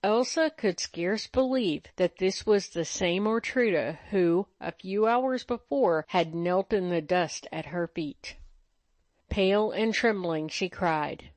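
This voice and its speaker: A woman narrating an old legend in a measured, even storytelling manner. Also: fairly low pitch, dry recording. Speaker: audiobook narrator.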